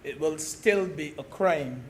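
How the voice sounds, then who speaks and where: A man from Barbados giving a parliamentary speech as a senator, slow and deliberate, stressing key words. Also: on the high side, slight background noise. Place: senate chamber.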